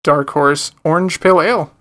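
A man's voice: a little high, moderate pace, fairly bright tone, a little hiss or hum. Easygoing man chatting casually. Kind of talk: casual drinking-game banter.

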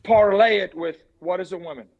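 A man speaking as an interview guest, forceful and emphatic, repeating his key words. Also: sits high, a little fast, dull audio. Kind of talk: impassioned interview talk.

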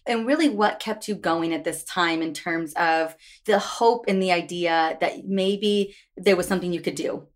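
A woman's voice: fairly low pitch, moderate pace, hardly any pauses. A woman hosting an interview, asking attentive follow-up questions. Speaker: interviewer, host.

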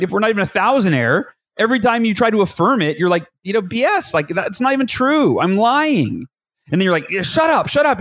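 A middle-aged man, a guest author, tells his story in an interview with lively energy, acting out his own thoughts in quoted asides. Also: fairly high pitch, no room sound.

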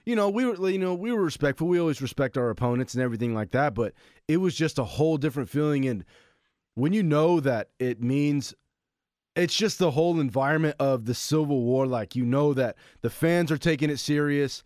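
Animated man telling a sports story. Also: a little high, fairly quick, no room sound, studio quality. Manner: animated storytelling, acts out his own quotes. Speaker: podcast co-host, former college football player. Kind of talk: casual sports chat.

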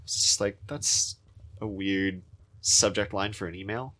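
A man co-hosting a podcast, chatting casually in a small studio with wry, deadpan quips. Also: lowish voice, unhurried. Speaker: podcast co-host. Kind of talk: casual chat.

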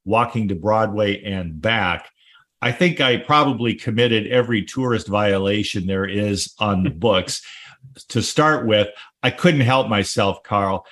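A man's voice: lowish voice, fairly bright tone. A man hosting a travel talk show, recalling his own trip in a reflective, enthusiastic way with wordy phrasing. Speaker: host. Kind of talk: casual interview chat.

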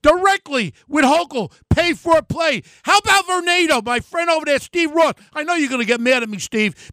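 An older man delivering a fiery political rant, yelling and name-calling. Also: very high voice, lively intonation, moderate pace, no echo, studio quality. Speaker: political commentator.

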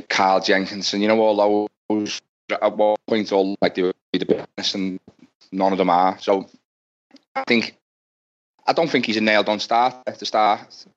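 A man rambles bluntly through his football views, peppering them with swears and fillers. His voice is on the low side. The podcast audio sounds dull and lo-fi. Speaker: podcast guest. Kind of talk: casual football opinion chat.

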